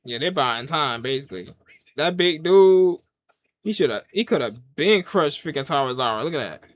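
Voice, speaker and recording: A man reviews wrestling in a live watch-along, reacting animatedly at a moderate pace in a dry recording. He swings between loud, excited yelps and low mutters, using casual slang and talking both to himself and to the chat.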